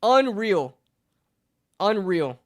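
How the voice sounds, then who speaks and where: A man's voice: high voice, sing-song, extremely slow. A man streaming a live sports reaction, ranting in a heated, profane way and repeating lines for emphasis.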